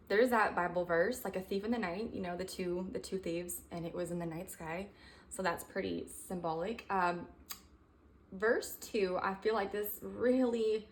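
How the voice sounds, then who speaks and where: A young woman giving a casual faith testimony, reading scripture slowly with emphasis and breaking into excited exclamations. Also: medium pitch. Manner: excited and exclamatory, often says y'all and come on. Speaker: Christian video testimony speaker.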